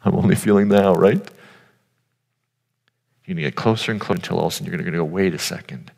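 Creaky and a little mellow, this man's low voice keeps a fairly even intonation at a quick pace. He's delivering a sincere, informal sermon directly to his listeners, captured with long hall reverb.

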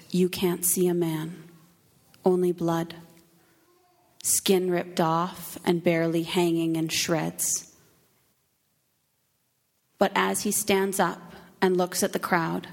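A woman performs a dramatic first-person Easter monologue, her delivery unhurried and solemn. Her voice sits on the lower side, and long reverb from a church hall trails each phrase. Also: creaky, darkish tone. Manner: slow, solemn, emotive storytelling.

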